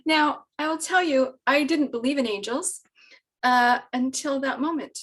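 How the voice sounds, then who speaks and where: A woman telling a personal story in an animated, rambling way, laughing often and using many fillers. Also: high-pitched, moderate pace, recorded from a distance, rough recording. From Britain. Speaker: guest telling her spiritual story.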